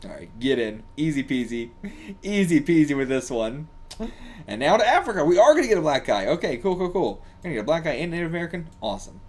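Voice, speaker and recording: An excitable man hosting a casual reaction commentary, his pitch jumping all over the place. He laughs often and swears freely. He rambles and piles up fillers between thoughts. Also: fast. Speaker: reaction channel host.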